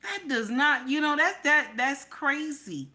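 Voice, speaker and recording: A woman's voice: sits high, expressive, a little slow, bright, forceful tone. A woman giving blunt, emphatic reaction commentary, often repeating "Okay?" for emphasis.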